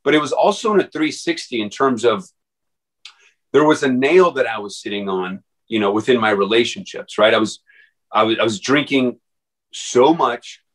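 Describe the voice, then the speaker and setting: A man's voice: medium pitch, lively intonation, normal speed, fairly bright tone, poor audio. A man guest on an interview podcast, telling his story casually in a rambling way with many fillers and restarts. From Texas.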